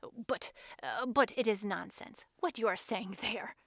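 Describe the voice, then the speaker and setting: A woman's voice: fairly high pitch, lively intonation, normal speed, no echo, clean studio sound. Earnest, grim male French detective, raised and emphatic, put on by a woman reader. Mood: scornful.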